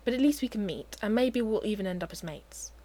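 A woman voicing an easygoing young man who teases and gets flustered, his lines pitched a little higher than her narration. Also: lively intonation, a little fast, dark tone, lightly acted. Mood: wry.

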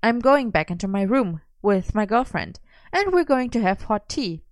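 A woman's voice: mid-range voice, normal speed, no echo, natural voice. A woman reading aloud, voicing a dry, sardonic young woman. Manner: dry, deadpan.

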